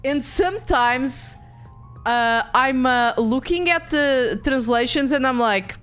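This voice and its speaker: A young woman with a Portuguese accent, chatting casually on a game stream, animated, swearing freely and often restarting her sentences. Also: high voice, takes it slowly, smooth, soft background music.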